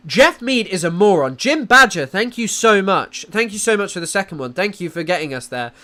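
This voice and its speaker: A man's voice: high voice, sing-song, fairly quick, few pauses, pushed and bright. A man hosting a casual livestream, talking loosely about the news and reading out chat comments, often restarting his sentences. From England. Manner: rambling, restarts sentences, reads chat aloud. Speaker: livestream host.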